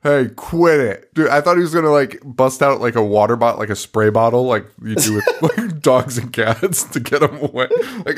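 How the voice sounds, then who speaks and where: A man in casual podcast chat, retelling scenes from a horror film. He swears freely and laughs often, slipping into short acted-out lines as he goes. His voice sits at an ordinary pitch for a man. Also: lively intonation. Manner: profane, laughing, acts out scenes in quick voices. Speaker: podcast co-host. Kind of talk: casual movie review chat.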